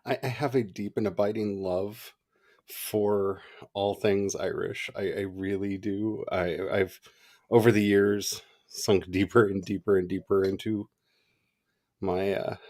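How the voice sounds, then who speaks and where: A man co-hosting a livestream in casual chat, animated and chatty, laughing often. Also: lowish voice, a little slow. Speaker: livestream co-host.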